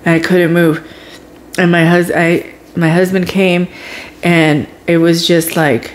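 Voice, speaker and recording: A woman with a somewhat low speaking voice tells a personal story straight to camera. Her retelling is animated and dramatic, and she drops into hushed whispers at the tense moments. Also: measured pace, a little hiss or hum. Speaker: vlogger. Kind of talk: casual storytelling vlog.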